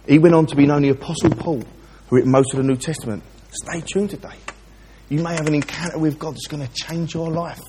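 A man's voice: a little high, steady tone, brisk, mellow, long reverb tail, a little hiss or hum. A man preaching a chatty, direct sermon in a church and speaking straight to the listeners. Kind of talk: informal sermon with a joke.

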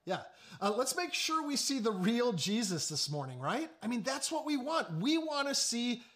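A male pastor preaching a sermon in a high voice that swings widely in pitch. He leans into slow, hushed emphasis, then breaks into quick joking asides. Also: big pitch swings.

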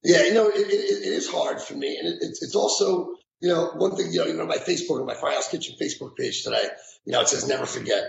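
A middle-aged man, a retired firefighter recalling events in an interview, talking haltingly with many restarts. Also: fairly high pitch, creaky, muffled recording. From New York. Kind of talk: emotional interview recollection. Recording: echoey room with faint background noise.

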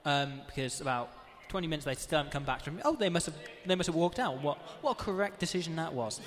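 A man's voice: a little high, animated, fast, big-room sound. A young man with a Northern English accent, telling a wry story in casual banter on a student radio show, laughing often. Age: young adult.

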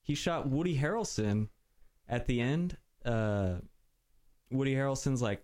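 A man's voice: medium pitch, a little mellow. Easygoing man chiming in on a podcast. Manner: chiming in with quick agreements. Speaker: podcast co-host. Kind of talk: casual chat.

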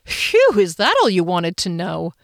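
A woman's voice: lowish voice, wildly swooping pitch, a little slow, creaky, no echo, heavily acted. A prickly, impulsive young warrior woman talks back with guarded sarcasm, as a woman reads her in an audiobook. The voice stays close and dry. Her tone is biting and defensive. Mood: defensive sarcastic. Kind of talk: audiobook character reading.

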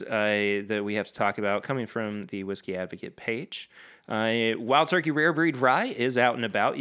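A man's voice: on the low side, sharp tone. A man co-hosting a podcast in casual chat, talking loosely with plenty of fillers and restarts. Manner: conversational, with frequent fillers and restarts. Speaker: podcast co-host.

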